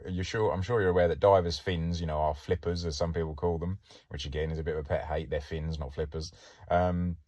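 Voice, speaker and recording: A man's voice: deep voice, no echo, studio quality. A middle-aged man, a podcast host and former police diver, telling stories in a chatty, wry way and often laughing. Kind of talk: casual anecdotal storytelling.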